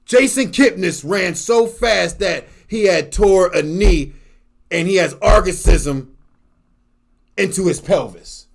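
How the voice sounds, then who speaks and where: Gravelly, cocky male sports-show character who brags and invents words, played by a man. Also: high voice, takes it slowly, heavily acted. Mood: boastful. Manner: brash, bragging, mangles made-up words. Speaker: show regular. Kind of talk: comedic podcast character bit.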